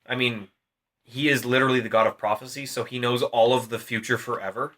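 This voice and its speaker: A man's voice: medium pitch, a little fast. A tipsy man casually retelling a myth on a podcast, swearing constantly and acting out the characters' lines. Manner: profane, animated, acts out characters' lines. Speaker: podcast storyteller.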